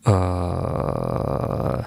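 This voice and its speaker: A man hosting a livestream, thinking aloud in an unhurried way as he gives feedback on a listener's track. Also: low voice, very animated, creaky, darkish tone, slight background noise. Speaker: music producer giving track feedback.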